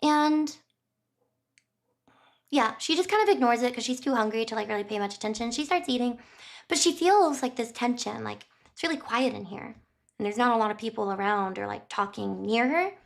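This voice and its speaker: A woman's voice: on the high side, moderate pace, creaky. A woman streamer casually retelling a novel chapter, rambling with lots of fillers, giggling and apologizing. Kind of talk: casual chatty book retelling.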